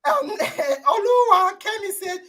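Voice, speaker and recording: High, lively woman hosting. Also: takes it slowly. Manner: exuberant, exclaiming and praising loudly. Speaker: podcast host. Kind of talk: live online talk show with quiz questions.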